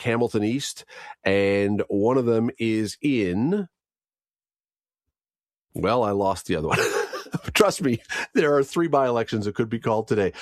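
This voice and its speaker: A man's voice: fairly low pitch, no echo, clean studio sound. A man hosting a radio segment, reading news and on-this-day trivia in a casual, chatty way with wry asides. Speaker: radio host.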